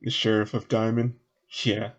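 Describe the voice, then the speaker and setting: A man's voice: on the low side, little pitch movement, normal speed, dull audio, close to an everyday voice. A man with a Southern US accent voicing a sleepy, easygoing female town guard with a folksy drawl.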